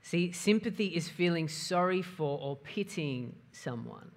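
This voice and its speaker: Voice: mid-range voice, expressive, a little slow. A pastor giving a conversational sermon, often asking the listeners questions. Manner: conversational, asks the audience questions.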